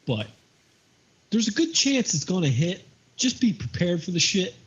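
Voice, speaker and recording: A man's voice: high voice, sing-song, normal speed, husky, dull audio. A man co-hosting a casual talk show, blunt and crude, swearing often. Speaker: podcast co-host. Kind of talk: casual profane chat.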